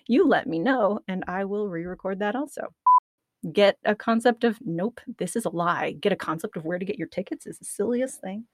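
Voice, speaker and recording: A nervous woman podcast host talks between takes with a dry mouth, giggling and poking fun at her own stumbles. Her voice sits at a mid pitch and sounds close and dry on a studio mic, with no room around it. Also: darkish tone, no room sound. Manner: self-deprecating, giggly, restarts often. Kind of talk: casual recording outtakes, self-commentary. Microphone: studio microphone at a computer.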